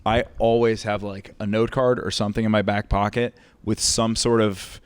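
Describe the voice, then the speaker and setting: Animated, profane comedian telling stories. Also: male voice, on the low side, normal speed, clear, resonant tone. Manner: animated, profane storytelling with laughter. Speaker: podcast co-host, stand-up comedian. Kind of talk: casual chat, storytelling.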